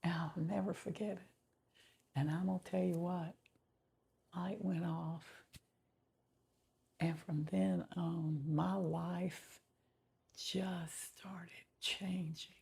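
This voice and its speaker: A middle-aged woman giving a slow, heartfelt personal faith testimony, often dropping to a whisper. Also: lowish voice, fairly even intonation, mellow. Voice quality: gravelly and very husky. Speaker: testimony vlogger.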